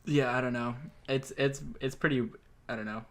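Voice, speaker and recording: A man's voice: medium pitch, fairly even intonation, normal speed, a bit bright. A young man co-hosting a casual podcast chat, giggling as he reads messages aloud with amused asides. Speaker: podcast co-host.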